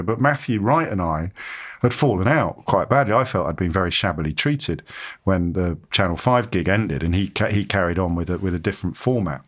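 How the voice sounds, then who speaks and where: A man, interviewed in a casual chat, telling his career stories in a chatty, self-deprecating way, acting out the voices of people he quotes. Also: fairly low pitch. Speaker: interviewee, radio presenter.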